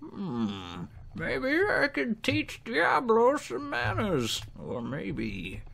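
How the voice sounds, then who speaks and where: Dude doing a slooow solemn old sage voice, pitch bouncing around. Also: male voice, wildly swooping pitch, gravelly, fairly bright tone, exaggerated voice. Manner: very slow drawn-out delivery. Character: elderly male sage, slow and solemn.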